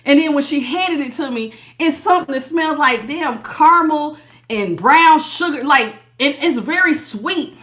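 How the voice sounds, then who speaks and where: Animated high-voiced woman reading tarot. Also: measured pace. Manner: animated, laughing, calls viewers honey and baby. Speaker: tarot reader. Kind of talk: casual tarot reading to viewers.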